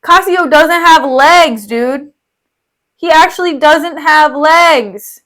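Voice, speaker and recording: A woman's voice: sits high, slow pace, fairly bright tone. A young woman streamer reading a play aloud with casual, slangy, giggly commentary.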